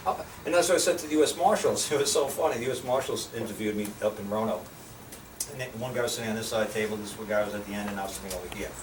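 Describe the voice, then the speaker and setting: A man's voice: lowish voice, very fast. Older guy telling blunt salty stories to a group, sounds far off in a roomy space w/ background noise. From United States. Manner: blunt, profane, animated storyteller who acts out quoted voices. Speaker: speaker sharing life lessons. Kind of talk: casual storytelling talk to a small group. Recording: roomy, distant recording with noticeable background noise.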